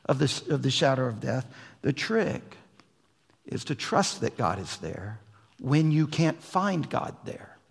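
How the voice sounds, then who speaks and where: A man preaching a sermon with a high, gravelly, husky voice, swinging between quiet low passages and raised emphatic lines. His words carry a long hall reverb from the church sanctuary. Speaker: pastor.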